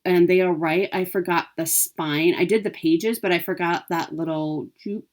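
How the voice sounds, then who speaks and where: A woman's steady, slightly mellow, low-leaning voice moves at a moderate pace as she vlogs about her cross-stitch haul and giveaways. She keeps it chatty and upbeat, frequently saying um and correcting herself.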